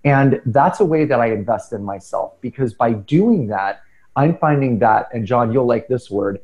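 A middle-aged man telling personal stories in casual conversation, earnest and animated, often restarting his sentences. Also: mid-range voice, normal speed, muffled recording. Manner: animated, earnest, self-deprecating with frequent restarts. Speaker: podcast guest speaker.

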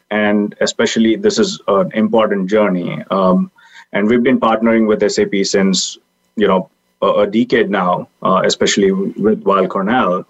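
A man speaking earnestly as a podcast guest over a video call, with frequent fillers. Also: lowish voice. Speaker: guest, technology leader. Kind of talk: casual interview talk. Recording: dull lo-fi video call audio.

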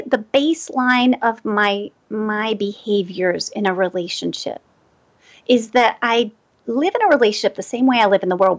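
A middle-aged woman, an energy healer, giving relationship advice in an animated way and acting out quoted thoughts. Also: a little high. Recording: dull lo-fi sound.

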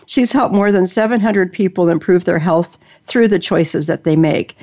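A woman's voice: mid-range voice, darkish tone. An older woman hosting an interview show, chatty and enthusiastic, often restarting her sentences. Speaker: podcast host. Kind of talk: casual interview chat. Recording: dull lo-fi audio.

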